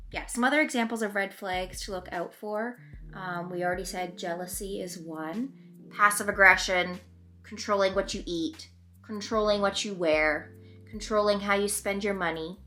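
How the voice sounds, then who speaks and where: A woman's voice: mid-range voice, sharp tone. A young woman vlogger telling a personal story in an open, conversational, confessional way while doing her makeup. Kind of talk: candid confessional storytelling vlog.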